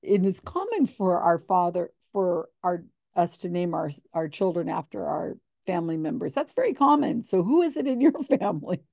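A woman's voice: lowish voice, very animated, normal speed, vocal fry, few pauses, a little mellow, no echo, clean studio sound. A woman giving casual, sarcastic commentary with a skeptical edge. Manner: sarcastic, skeptical, laughs often. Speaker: commentator on psychic readings.

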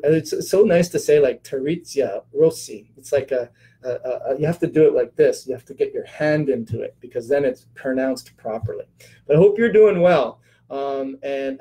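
A man's voice: fairly high pitch, moderate pace, mellow, rough recording. A middle-aged man hosting a casual live-stream Q&A, chatty, with many fillers, greeting viewers by name.

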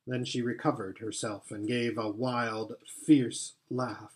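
A man reading a children's novel aloud as story narration, in a slow, deliberate manner. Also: medium pitch, little pitch movement. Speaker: audiobook reader.

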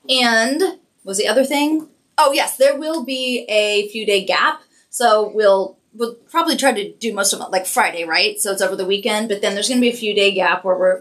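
A woman hosting a cosmetics live stream, chatty and quick to laugh. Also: mid-range voice, a bit bright. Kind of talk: casual live-stream chat.

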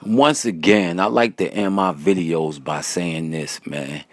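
Slangy low-voiced man vlogging. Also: a little slow, dry recording. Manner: slangy, direct-to-camera, repeats "man". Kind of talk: casual stats breakdown vlog.

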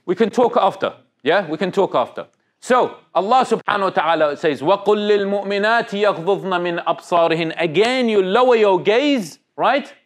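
A man's voice: high voice, big pitch swings, moderate pace. A man giving an interactive religious talk to young people, speaking conversationally, questioning the audience and restarting his sentences. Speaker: Islamic speaker.

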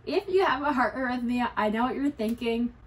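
A woman's voice: a little high, brisk, heavy background noise. A young adult woman candidly telling a personal story to her vlog viewers, conversational and lightly humorous. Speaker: YouTuber.

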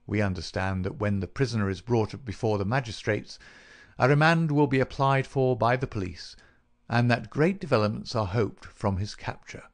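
A man narrating a classic detective story in a measured, even way. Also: on the low side. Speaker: audiobook narrator. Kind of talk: scripted narration.

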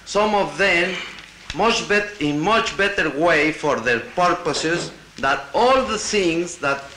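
Man, bright, echoey. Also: fairly high pitch, animated, a little hiss or hum. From Latin America. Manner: halting, with restarts and wry asides. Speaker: conference delegate. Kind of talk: conference speech, partly reading a paper aloud. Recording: echoey hall, 1960 archive tape.

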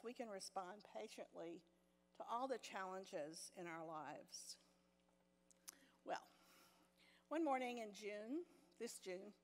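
An older woman teaching a women's Bible study, telling a personal story with self-deprecating humor and frequent laughs. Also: medium pitch. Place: church meeting hall. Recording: long hall reverb in a church.

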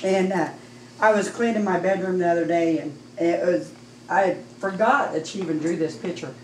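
A middle-aged woman with a Midwestern American accent gives a heartfelt personal testimony in church, her voice rising toward near-shouting as she recounts praising God. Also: on the low side, moderate pace. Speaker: church member giving testimony. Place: church sanctuary. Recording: echoey room, distant mic, faint noise.

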